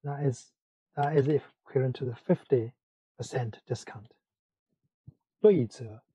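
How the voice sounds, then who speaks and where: A man teaching a language lesson, explaining in English between slow examples with many fillers. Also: medium pitch, warm tone, husky, no echo, low-quality recording. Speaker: Mandarin teacher.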